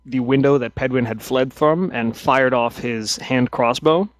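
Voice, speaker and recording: A man's voice: mid-range voice, a little slow, no room sound. A man narrating a tabletop game as game master, often restarting and hesitating mid-sentence.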